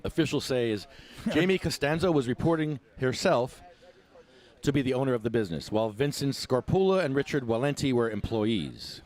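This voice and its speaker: A man co-hosting a podcast, reading news offhandedly and chatting. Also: mid-range voice. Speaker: podcast co-host. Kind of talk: reading news aloud and casual chat.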